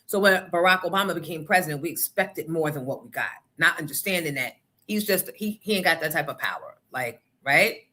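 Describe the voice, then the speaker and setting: A woman hosting a morning show, telling stories in a blunt, profane, animated way. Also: deep voice, a little fast. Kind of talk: casual opinion talk.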